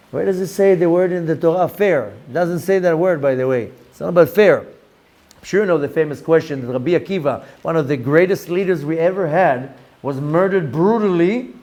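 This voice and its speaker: Middle-aged rabbi, lively storyteller, voice sits a bit high. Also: male voice, normal speed. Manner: animated storyteller, acts out quoted voices, mixes Hebrew terms. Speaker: rabbi teaching Kabbalah. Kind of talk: storytelling Torah lesson.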